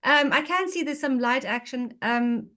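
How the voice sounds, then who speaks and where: Soft-spoken, emotional woman guest. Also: high-pitched, normal speed. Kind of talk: casual chat on a video call.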